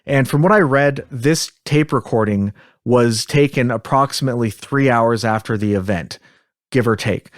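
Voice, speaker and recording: A podcast host speaks at normal speed in a mid-range male voice, captured in a dry recording on a close mic. The conversation is casual and rambling, with chuckles and a touch of self-deprecation.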